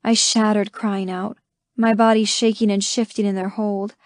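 A woman reading a first-person romance audiobook in a slow, intimate way. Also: mid-range voice, flat delivery, no room sound, studio quality. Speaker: audiobook narrator. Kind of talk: scripted first-person narration.

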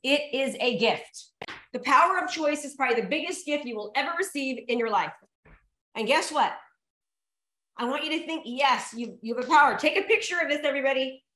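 High-voiced, emphatic woman coaching a crowd. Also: fairly quick. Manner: energetic and emphatic, repeats key phrases, calls out to the audience. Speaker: real estate coach. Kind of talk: motivational seminar talk. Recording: echoey room.

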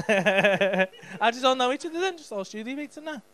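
A man's voice: very high voice, animated, normal speed, background noise. A male stand-up comedian, doing sweary, mock-exasperated crowd work on a comedy club stage.

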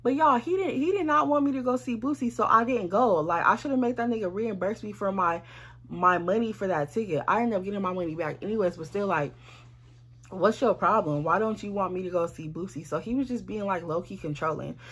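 A young woman from Arizona telling a casual storytime, animated and blunt, swearing freely. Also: medium pitch, fairly quick, breathy edge. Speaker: vlogger.

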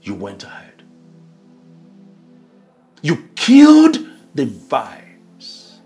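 A Nigerian actor playing a controlling husband in a film drama, talking slowly and swinging from hushed pleading to loud outbursts. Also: male voice, low voice, soft background music, heavily acted. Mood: angry. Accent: Nigerian English. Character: resentful controlling husband, man, adult.

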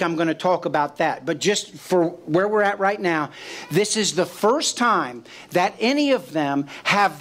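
Guy preaching a sermon real slow and deliberate, throws questions at the crowd, acts out the quotes. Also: high voice, a bit bright. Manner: slow, emphatic preaching with call-and-response questions. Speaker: pastor.

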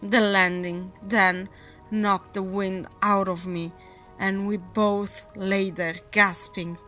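Slow, bright-voiced woman narrating horror. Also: mid-range voice, flat delivery, faint music behind, poor audio. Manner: measured, deliberate storytelling. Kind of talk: first-person horror narration.

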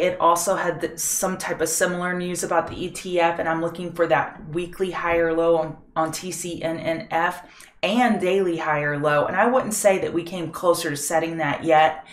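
Female host, low-ish voice, brisk and matter-of-fact, roomy echo. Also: a bit bright. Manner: brisk, matter-of-fact, full of trading jargon. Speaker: trading show host. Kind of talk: daily market recap.

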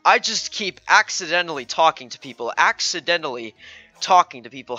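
Rambling bright-voiced young man. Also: a little high, dry recording, muffled recording. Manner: rambling, jokey, stammering repeats. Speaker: gaming YouTuber. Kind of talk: let's play commentary.

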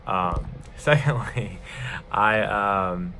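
A man's voice: lowish voice, extremely slow. A young man, a college student, rambling self-consciously about campus while walking outside with a phone held at arm's length. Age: young adult. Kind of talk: casual walking vlog. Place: outdoors on a campus under construction. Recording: outdoor street noise.

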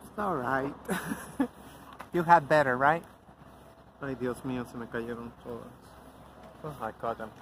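Blunt middle-aged man over loud traffic. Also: medium pitch, unhurried, pauses often. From Mexico. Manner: blunt, outspoken, rambling with many fillers. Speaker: vlogger. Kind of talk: casual outdoor vlog rant. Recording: loud outdoor traffic noise.

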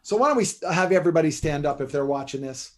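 A man as a podcast guest, explaining posture and exercise in an animated, joking coaching style. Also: fairly high pitch, fast talker. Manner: animated, joking, teaches by demonstration. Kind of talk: energetic coaching talk.

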